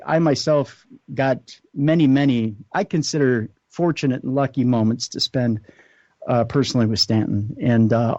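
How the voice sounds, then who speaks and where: A man in the host's chair of a late-night radio show talks at an everyday pitch, earnest and unscripted. He often pauses mid-sentence to find his words. The sound is dry and close, with dull lo-fi radio audio. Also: a little mellow, no echo. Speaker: radio talk show host.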